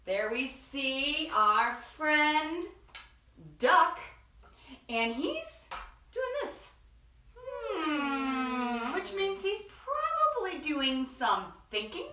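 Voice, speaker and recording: Animated woman reading a storybook. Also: sits high, takes it slowly, echoey room, distant mic. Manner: expressive, animated, asks listeners questions. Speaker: teacher reading aloud. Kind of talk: storybook read-aloud.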